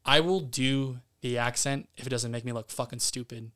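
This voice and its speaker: A man's voice: medium pitch, steady tone, normal speed, fairly bright tone. A man as guest actor on a podcast, talking candidly and casually, with some swearing.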